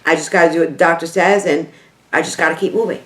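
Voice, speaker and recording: Middle-aged woman with a New York accent, lowish voice, emotional vlogger who circles back and repeats herself; roomy, echoey sound. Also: steady tone, fast. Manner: heartfelt, rambling, repeats herself for emphasis. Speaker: beauty vlogger. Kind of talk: emotional casual talk to camera. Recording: echoey room.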